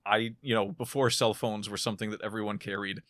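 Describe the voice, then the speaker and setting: A man's voice: on the low side, fairly even intonation, fast, fairly bright tone, no room sound, clean studio sound. A man co-hosting a casual podcast, retelling a book's plot in a rambling way with many restarts. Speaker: podcast co-host. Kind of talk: casual chat.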